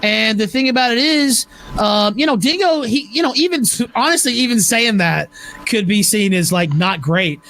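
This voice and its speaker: A man hosting a livestream show, ranting angrily with heavy profanity and shouting at times. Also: high voice, expressive, normal speed, creaky, a little hiss or hum. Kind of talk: heated livestream rant.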